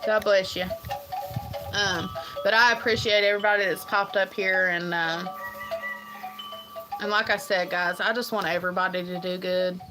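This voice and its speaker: A woman's voice: mid-range voice, fairly even intonation, moderate pace, pauses often, music in the background, poor audio. A woman talking casually on her own livestream, rambling and earnest with many ums and restarts. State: tearful at times. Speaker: livestream host. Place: farm home.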